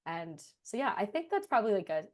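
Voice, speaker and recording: A woman's voice: medium pitch, sing-song, fast talker, a little mellow. A young woman from the United States, a writer, in a casual interview, telling stories with self-deprecating humor. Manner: laughing, self-deprecating storyteller. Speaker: writer and creator of the musical.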